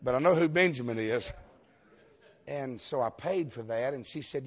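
A man's voice: medium pitch, moderate pace. A man with a Southern US accent, a Baptist preacher telling a humorous story in a sermon, folksy and emphatic, laughing often and calling out to the congregation. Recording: dull lo-fi sound.

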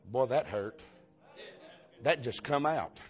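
A man with a Southern US accent preaches a fervent revival sermon in a church, repeating himself and calling out to the congregation. His mid-range voice is expressive and slow. The recording sounds muffled.

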